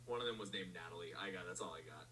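A man's voice: sits low, far from the mic, rough recording. A young male teacher answering interview questions casually, rambling with lots of fillers and laughs. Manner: rambling, halting, laughs often, many fillers. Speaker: teacher and magazine founder.

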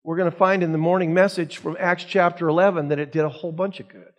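Male pastor, high voice, Sunday school teacher, asks the class rhetorical questions. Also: fairly even intonation, quick pace, highs cut off. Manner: reads scripture aloud.

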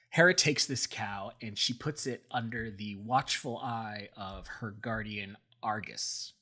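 A man co-hosting a podcast who retells old myths in a playful, animated way. His voice is somewhat husky and sits at a mid pitch for a man. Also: measured pace, few pauses. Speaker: podcast co-host. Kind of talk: casual storytelling.

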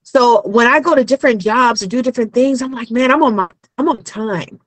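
Guest voice: woman, Caribbean accent, lively storyteller, dry close sound. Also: a little high, a little fast, no echo, low-quality recording. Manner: animated, acts out quoted dialogue. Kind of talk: casual storytelling chat. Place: Los Angeles.

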